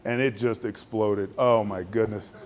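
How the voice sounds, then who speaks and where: A middle-aged man, an Air Force general, telling a story in a luncheon speech and acting out the other voices. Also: a little slow. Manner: animated storytelling, acts out other voices with raised pitch.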